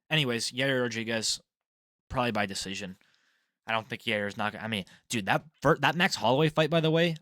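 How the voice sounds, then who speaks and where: A man's voice: mid-range voice, pushed and bright, no room sound, clean studio sound. A young man giving casual, rambling fight predictions, swearing freely and laughing at his own jokes. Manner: rambling, profane, laughs at himself. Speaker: MMA prediction vlogger.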